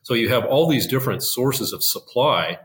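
An older man, a guest in a finance interview, explaining in a measured way with frequent fillers and restarts. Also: medium pitch, lively intonation, a bit bright, poor audio. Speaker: investment officer, guest.

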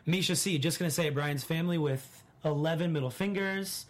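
Woman host, casual chat, reads comments aloud, animated when quoting. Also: low voice, brisk. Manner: animated, acts out quotes from the show. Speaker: podcast host. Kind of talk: casual recap chat reading live comments.

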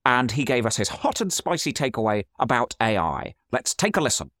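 A man's voice: medium pitch, sing-song, brisk, a bit bright, dry recording, clean studio sound. A man doing a stiff, earnest politician. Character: earnest middle-aged male politician, awkward and prim. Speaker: stand-in host. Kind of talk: satirical comic chat.

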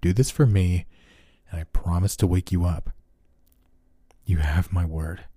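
A man voicing a calm, clinical doctor who manipulates his test subject in a horror story. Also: low voice, unhurried. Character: cold, secretive male doctor running experiments.

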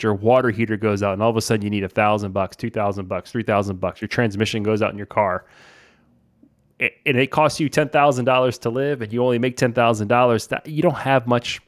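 A man in his forties hosts a podcast and talks through money tips in a loose, chatty way, checking in with "right?" as he goes. His voice sits fairly low. The sound is dry and close. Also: no echo. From New Orleans. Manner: chatty, conversational, says "man" and "right?" often. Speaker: podcast host. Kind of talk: casual financial advice talk.

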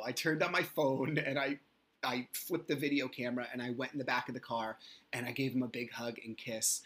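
A man's voice: medium pitch, pushed and bright. A man in his thirties hosting a solo podcast, telling a heated personal story, swearing and acting out what others said. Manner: heated storytelling, swears, acts out quoted people. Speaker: podcast host.

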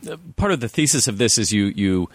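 Low-voiced man asking lively questions. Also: brisk, no echo. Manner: asks long rambling questions. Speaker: interview host. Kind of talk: podcast interview.

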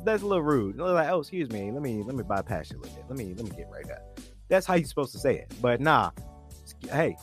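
A man co-hosting a podcast, chatting casually and enthusiastically in a review, often repeating words as he looks for the next one. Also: mid-range voice. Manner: enthusiastic, repeats words while reaching for them. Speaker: podcast co-host.

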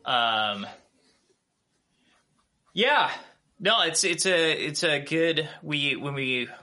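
Bright-voiced Minnesotan man, halting chat. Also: fairly high pitch, animated. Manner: halting, many restarts and fillers. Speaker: podcast guest, YouTuber. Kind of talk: casual chat. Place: home studio with pine walls.

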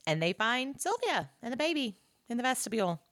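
A woman chatting casually about an old movie, sarcastic and animated, acting out the characters in lively voices. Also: on the high side, brisk. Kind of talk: casual movie recap chat.

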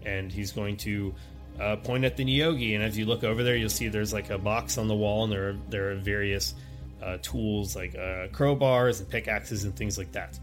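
A man's voice: fairly low pitch, fairly even intonation, normal speed, soft background music. A man narrating as game master of a tabletop game, describing scenes in a loose, rambling way with many fillers.

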